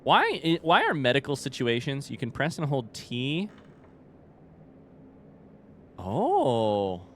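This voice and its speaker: A man streaming a horror game with casual commentary, animated and wry, swearing and joking as he plays. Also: mid-range voice, slow, slight background noise. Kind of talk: casual let's-play commentary.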